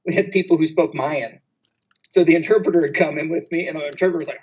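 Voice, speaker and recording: A male physician on a conference panel, telling travel anecdotes with frequent laughter and quick asides. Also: fairly high pitch, darkish tone, husky, poor audio.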